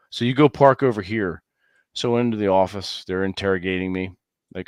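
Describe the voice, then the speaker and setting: A man co-hosting a casual podcast, talking with halting restarts and repeated words. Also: low-pitched, level tone, clean tone, dry recording. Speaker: podcast co-host. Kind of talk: casual chat.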